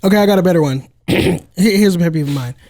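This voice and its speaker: A man's voice: sits high, fast talker. A man co-hosting a podcast, chatting casually and telling stories with lots of laughter and acted-out voices. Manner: animated storyteller, laughs often and acts out voices. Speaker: podcast co-host. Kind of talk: casual chat.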